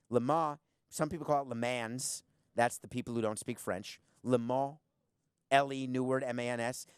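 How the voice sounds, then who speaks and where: A man's voice: mid-range voice, smooth, no room sound, clean studio sound. Blunt, sarcastic male podcast host. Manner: blunt, sarcastic, rhetorical questions. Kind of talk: opinionated solo commentary.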